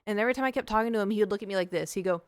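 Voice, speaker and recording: A young woman tells a story on her stream, chatty and animated, jumping in and out of quoted voices. Her voice is smooth and clear, with a dry, close sound. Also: mid-range voice, racing, no echo. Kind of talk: casual storytelling on a livestream.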